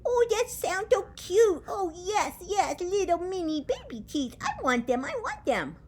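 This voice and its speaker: A woman's voice: extremely high pitch, huge pitch swings, a little slow, darkish tone, a little hiss or hum, pitched above the performer's own voice, exaggerated voice. A woman voicing a sly, ancient female monster who schemes and coos like a child. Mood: cooing. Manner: wheedling, shifting into a cooing baby voice.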